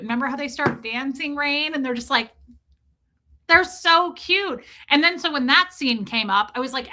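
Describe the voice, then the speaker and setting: A woman hosting a livestream, telling a comic story in a casual, profane, animated way and calling out viewers in the chat by name. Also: high voice, normal speed. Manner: animated, profane, ranting, reads chat names aloud. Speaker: livestream host.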